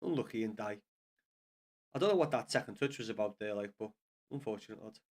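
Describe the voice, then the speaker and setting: A man's voice: fairly low pitch, animated, fairly quick. A man with a Scouse accent giving sweary, frustrated live commentary to viewers as he watches a football match from a small home studio. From Liverpool, England.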